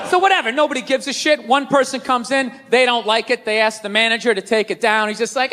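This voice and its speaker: A middle-aged man from the US East Coast doing a profane stand-up rant, often shouting. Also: extremely high pitch, quick pace, hardly any pauses, a little hiss or hum. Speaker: stand-up comedian. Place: comedy stage before a live audience.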